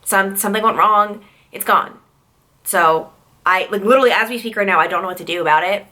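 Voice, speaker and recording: Brief: young woman vlogger, bright, forceful tone, chatty and tired, lots of "like.". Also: mid-range voice, a little fast. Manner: chatty, peppered with "like" fillers. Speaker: vlogger and news reporter. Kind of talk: casual vlog chat.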